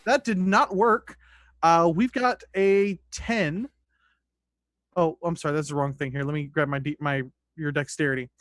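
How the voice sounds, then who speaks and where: A man's voice: fairly high pitch, fairly even intonation, moderate pace, a bit bright, no echo, studio quality. A man running a tabletop game as dungeon master, narrating loosely with restarts. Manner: loose, conversational rulings with restarts.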